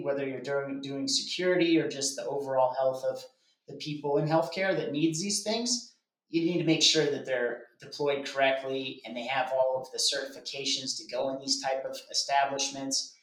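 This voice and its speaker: A man speaking as a guest in a casual panel discussion, explaining earnestly with frequent restarts. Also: mid-range voice. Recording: roomy echo.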